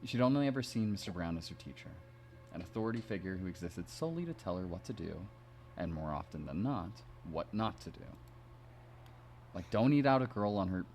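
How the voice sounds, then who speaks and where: A man's voice: deep voice, animated, fairly quick, a little mellow, a little hiss or hum. A man streaming himself reading a visual novel aloud, narrating with jokey, self-mocking asides.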